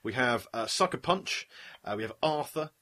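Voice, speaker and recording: A man's voice: medium pitch, animated, moderate pace, pushed and bright. A man co-hosting a casual film chat, talking in a rambling, jokey way and often breaking off mid-sentence. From Britain. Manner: rambling, self-interrupting, jokey. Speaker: podcast co-host.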